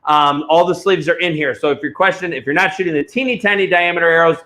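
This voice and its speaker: A man hosting a live online auction, telling a rambling, profane story before pitching items. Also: fast, bright, forceful tone. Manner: rambling, ranting storyteller who swears freely. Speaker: livestream auction host. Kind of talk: casual livestream chat and product pitch.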